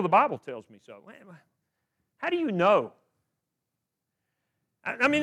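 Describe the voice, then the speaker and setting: A man's voice: high-pitched, a bit bright. A middle-aged man preaching a sermon, asking questions of his listeners and often repeating words as he restarts.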